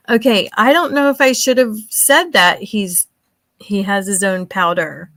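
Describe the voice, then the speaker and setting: A woman's voice: mid-range voice, a little slow, fairly bright tone, dry recording. A woman co-hosting a live stream in casual chat, teasing and laughing often.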